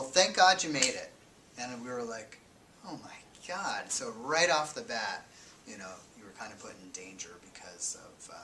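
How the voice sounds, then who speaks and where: Man, low-ish voice, halting casual storytelling, fillers, slips to near-whisper, far from the mic, noisy room. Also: bright, forceful tone. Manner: halting, many fillers, drops to near-whisper on grim details. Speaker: guest speaker recounting work as a journalist. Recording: distant mic with noisy background.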